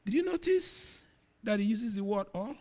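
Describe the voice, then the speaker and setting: A middle-aged man gives a sermon at a moderate pace, his intonation lively. He reads scripture dramatically, moving between loud, emphatic bursts and quiet, low moments.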